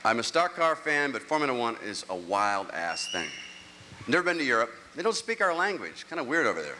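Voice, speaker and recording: A man's voice: medium pitch, sing-song, fairly quick, pushed and bright, slight background noise. A middle-aged man performing a rambling, self-mocking stand-up comedy set on stage. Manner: rambling, self-mocking storytelling with act-outs. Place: large live venue, on stage. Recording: live show audio with long hall reverb.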